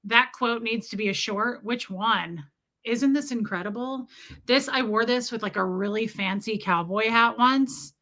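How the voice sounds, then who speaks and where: Bright-voiced chatty woman vlogger. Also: fairly high pitch, a little slow. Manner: chatty, self-mocking, bursts into loud dramatic outbursts. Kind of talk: casual chat.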